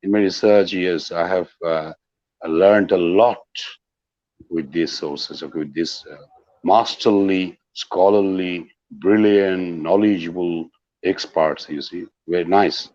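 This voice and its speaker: Man, Bangladeshi accent, middle-aged, very low voice, dull lo-fi sound, didactic guest lecture. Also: fairly even intonation, takes it slowly, a little mellow, no echo. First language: Bengali. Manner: didactic, repeats words and asks "okay?", "you see". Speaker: English professor, guest speaker. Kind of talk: lecture-style talk.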